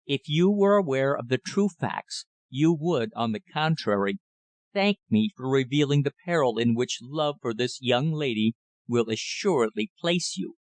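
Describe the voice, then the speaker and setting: A man voicing an older, thin-faced country rector with a slow clerical drawl and a cynical edge. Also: mid-range voice, expressive, no room sound, close to an everyday voice. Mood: grave, warning.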